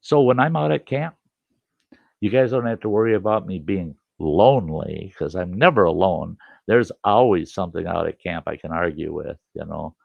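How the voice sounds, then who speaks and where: Gravelly older man telling a campfire story. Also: sits low, moderate pace, no echo. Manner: animated, acts out yelling at his camera. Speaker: storyteller host. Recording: dull, slightly lo-fi and dry.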